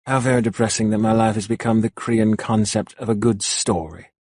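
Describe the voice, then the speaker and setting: A man's voice: fairly low pitch, steady tone, fairly quick, a little mellow, no room sound, studio quality. A man voicing a sullen, defiant young male prisoner.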